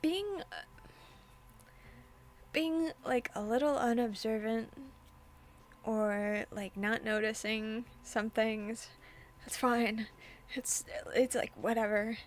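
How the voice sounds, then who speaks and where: A woman's voice: a little high, slow pace, pauses often. A young woman streaming a visual novel, reacting in an exasperated way with frequent sighs and fillers. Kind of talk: casual gameplay commentary.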